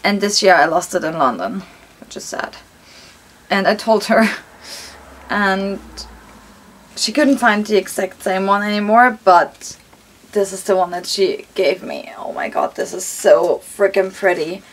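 A woman's voice: mid-range voice, a little slow, pauses often. A young woman vlogger talking casually as she opens presents, chatty and gushing. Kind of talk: casual unboxing vlog.

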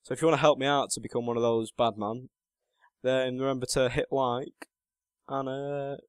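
A man's voice: medium pitch, steady tone, normal speed, clear, resonant tone, no room sound. A man in his late teens giving casual, self-mocking commentary while playing a game, muttering to himself between remarks. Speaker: gaming channel host.

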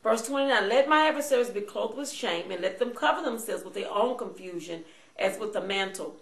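A woman's voice: medium pitch, animated, a little fast. Woman, pastor, sermon, reads and explains verses, frequent amens, echoey room. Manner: reads scripture then paraphrases with frequent amens.

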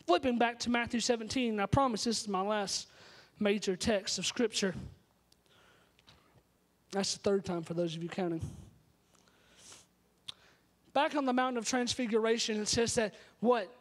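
A pastor preaching an emphatic, story-driven sermon in a church sanctuary. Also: male voice, high voice, moderate pace.

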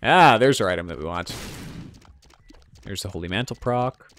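A let's play commentator rambles casually over gameplay, mocking himself and throwing in sound effects and joke impressions. His lowish voice is animated and a bit bright at normal speed, with slight background noise.

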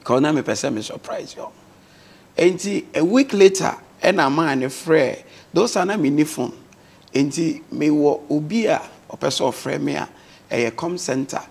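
A man's voice: fairly high pitch, normal speed, gravelly, darkish tone. A man with a Ghanaian accent, a guest on a talk show, earnestly telling his life story and mixing English words into his speech.

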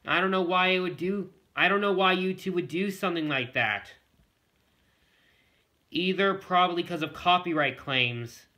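A male vlogger with a high voice talks straight to his viewers in a loose, rambling way. He circles back over the same points again and again. His tone is strikingly bright and sharp. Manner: rambling and repetitive, often addressing the viewers. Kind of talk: casual talk to camera.

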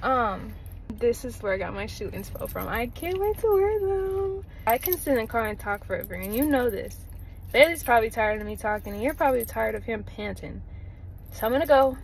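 A woman's voice: fairly high pitch, a little fast, vocal fry, slight background noise, rough recording. Chatty young woman vlogging from her car. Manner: chatty, animated, slangy. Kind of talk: casual vlog chat. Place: in a parked car. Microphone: camera in the car. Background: dog panting.

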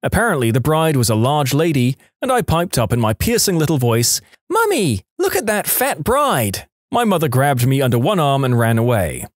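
A man narrating online stories for a podcast with an expressive storytelling delivery, recorded close on a studio mic. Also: medium pitch, a little fast, hardly any pauses, no room sound. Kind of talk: reading online stories aloud.

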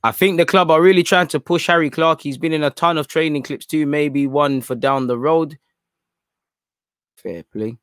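A man hosting a live stream in casual chat. He is slangy and rambling, and he shifts between low mutters and excited outbursts. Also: moderate pace, dry recording, studio quality.

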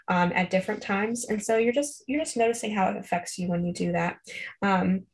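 A woman leading a guided Christian meditation, speaking gently and unhurriedly, with soft fillers as she talks. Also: medium pitch, gravelly. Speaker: counselor leading a meditation class.

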